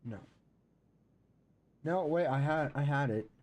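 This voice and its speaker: Mellow man rambling while gaming. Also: fairly high pitch, slow, slight background noise. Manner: rambling, thinking aloud. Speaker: streamer. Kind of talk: casual gaming chat.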